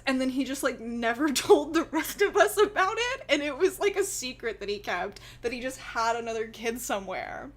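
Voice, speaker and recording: A woman's voice: on the high side, normal speed, hardly any pauses. A young woman from Texas telling a family story in a casual vlog, rambling and giggling often. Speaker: vlogger.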